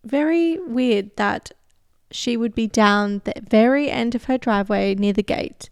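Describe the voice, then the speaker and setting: An Australian woman talks through a true-crime case for a podcast, relaxed and chatty with plenty of "like" and "um". Her voice sits a bit high and comes through smooth and clear. The recording is dry and close. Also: measured pace, no echo. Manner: relaxed storytelling with frequent "like" and "um". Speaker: podcast host. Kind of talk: casual true-crime chat, reading notes.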